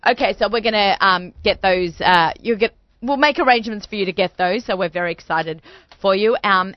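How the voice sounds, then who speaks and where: A woman's voice: lowish voice, dry recording, dull audio. A woman hosting a radio talk show in a studio, chatty and bubbly, talking with lots of fillers.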